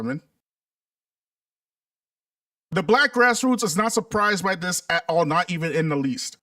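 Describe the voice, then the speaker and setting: A man with a high, light voice talking straight to his viewers in an easy, conversational flow. He leans hard into sarcasm, dragging out mock surprise and poking fun at what he reads aloud. His pace shifts between quick asides and slow, pointed jabs. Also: bright, forceful tone, recorded from a distance. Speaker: political commentator. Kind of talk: commentary stream to viewers.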